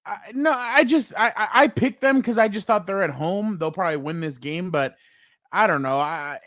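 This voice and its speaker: An animated man co-hosting a casual sports chat, with a fairly high voice. He sounds playful and quick to jump in. The sound is dry and close, with no room echo. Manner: animated, breaks into playful repeated exclamations. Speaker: podcast co-host.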